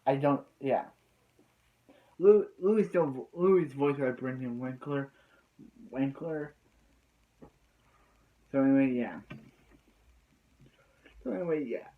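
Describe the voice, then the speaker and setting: A man's voice: medium pitch, takes it slowly, long pauses, narrow, tinny audio. A man giving a casual, rambling recap of an anime episode, leaning on filler words like "so yeah.".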